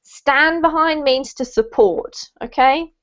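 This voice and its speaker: A woman's voice: sits high, takes it slowly, fairly bright tone, highs cut off. A woman English teacher patiently correcting a student's writing in an online lesson, reading passages aloud and explaining.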